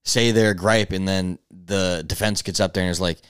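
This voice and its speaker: A man co-hosting a podcast in casual chat, quick to chime in with short agreements and swearing. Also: deep voice, fairly even intonation, a bit bright, smooth, no echo, studio quality. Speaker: podcast co-host.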